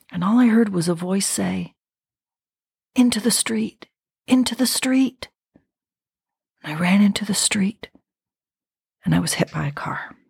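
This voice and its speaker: Slow, gravelly-voiced woman in her fifties. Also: fairly low pitch, no room sound, studio quality. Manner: slow, reflective and intimate. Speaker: podcast host. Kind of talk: personal storytelling monologue.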